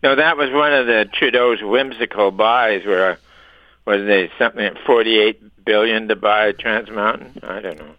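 A man's voice: on the low side, normal speed, no room sound, narrow, tinny audio. A man giving opinionated, sometimes sarcastic commentary as a radio show guest. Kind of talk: casual radio talk.

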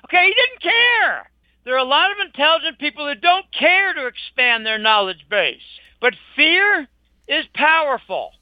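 A man's voice: very high voice, sing-song, normal speed, dry recording. An older man speaking as an interview guest in an emphatic, indignant, scornful conversational monologue. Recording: dull lo-fi dry recording.

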